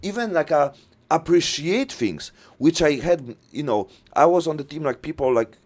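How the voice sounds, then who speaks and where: A man hosting a podcast in casual conversation, speaking halting non-native English with many fillers. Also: fairly high pitch, animated, darkish tone. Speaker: podcast host.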